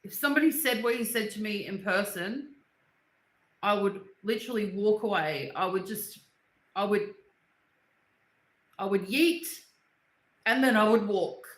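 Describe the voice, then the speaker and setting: A woman's voice: mid-range voice, expressive, measured pace, pauses often. A young woman, talking bluntly and angrily on a casual livestream, swearing and repeating herself. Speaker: livestream host. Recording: echoey room.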